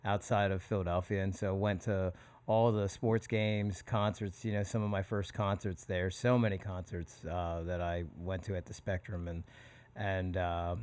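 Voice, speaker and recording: A man hosts a podcast interview in a casual, friendly tone. His voice sits somewhat low. He keeps the exchange going with eager affirmations. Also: level tone, normal speed, darkish tone. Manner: enthusiastic, frequent affirmations. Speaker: podcast host.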